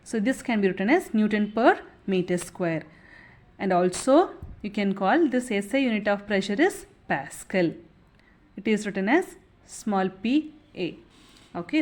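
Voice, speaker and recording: A woman's voice: medium pitch, lively intonation, moderate pace, darkish tone. A young woman teaching an exam revision lesson, explaining step by step and checking in with a frequent "okay".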